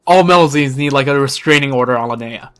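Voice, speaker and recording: A gaming YouTuber giving casual, joking commentary while playing and reacting loudly. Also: mid-range voice, quick pace, smooth.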